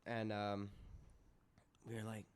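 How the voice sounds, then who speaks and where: A man's voice: on the low side, monotone, slow pace, smooth. A young man who is a guest on a casual podcast, talking in a chatty way and jumping in often. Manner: chatty, interjecting. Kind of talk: casual chat.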